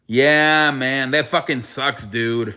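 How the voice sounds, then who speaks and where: A man's voice: mid-range voice, takes it slowly, bright, forceful tone. A man hosting a live sports stream, chatting casually with viewers in a rambling, profane way.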